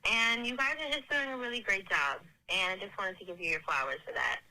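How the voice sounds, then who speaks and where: A woman's voice: medium pitch, brisk, sharp tone. A young woman leaving an earnest, chatty voicemail message for a podcast. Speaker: voicemail caller. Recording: tinny phone line.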